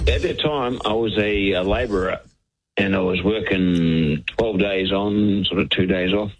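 A man calling in to a late-night radio show, telling a story in a hesitant, halting way. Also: deep voice. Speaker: radio caller. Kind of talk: call-in storytelling. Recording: phone line on radio broadcast.

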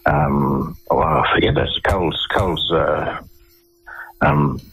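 Husky deep-voiced Australian man. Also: slow pace, a bit bright, rough recording. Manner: rambling, repeats and restarts phrases. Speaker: interview guest. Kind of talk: casual storytelling on a radio interview.

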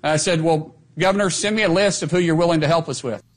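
A man's voice: fairly high pitch, fast talker. A man speaking as a government spokesperson, insistent and rhetorical. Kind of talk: press statement.

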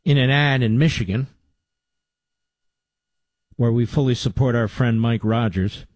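Husky combative talk radio host. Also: male voice, medium pitch, a little slow, a little mellow, no room sound. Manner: combative, sarcastic, mocking asides to producer. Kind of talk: political talk radio commentary. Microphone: studio microphone.

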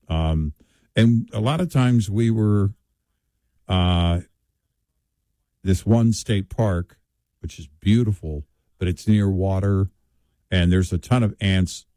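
Deep mellow man, laid-back agreeable talk. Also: dry recording. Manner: agreeable, many short affirmations. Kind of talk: casual chat.

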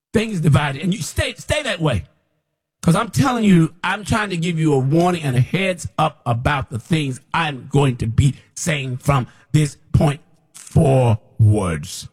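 A fiery man preaching straight at his listeners in a loose, unscripted sermon. His voice sits a little high and has a husky grain. He scolds, circles back and repeats lines to drive them home. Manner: scolding, impassioned, repeats himself. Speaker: self-described prophet.

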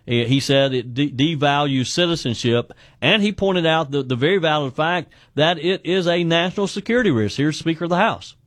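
A man's voice: fairly high pitch, normal speed, few pauses, a bit bright, no echo, studio quality. A man hosting a call-in talk radio show, talking conversationally and often repeating his first words. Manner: conversational, repeats words when starting sentences.

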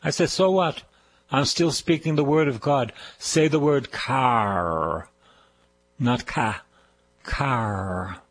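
A man's voice: mid-range voice, expressive, takes it slowly, slight background noise, rough recording. An older man with a Boston accent preaching a fervent radio sermon, repeating phrases of praise. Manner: fervent, repetitive preaching with call-and-response praise.

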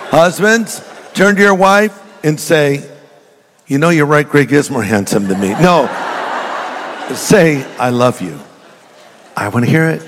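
Older male pastor, folksy storytelling sermon, slightly high voice, reverberant hall. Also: fairly bright tone, a little hiss or hum.

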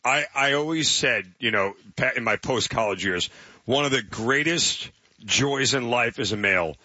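A man's voice: mid-range voice, normal speed, bright, forceful tone, husky, no room sound. A man co-hosting a sports radio show in casual chat, telling stories eagerly and stumbling over his words. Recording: dull lo-fi broadcast sound.

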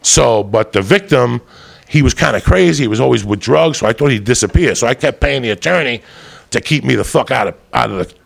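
Gravelly man telling a profane story. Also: medium pitch, animated, a little fast. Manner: boisterous, heavy swearing, laughs mid-story. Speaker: comedian storyteller. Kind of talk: profane comic storytelling monologue.

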